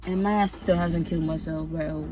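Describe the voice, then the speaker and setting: Heavy background noise surrounds this woman's low, steady voice as she talks at normal speed. In her casual vlog she rambles through an emotional personal story, cursing freely along the way.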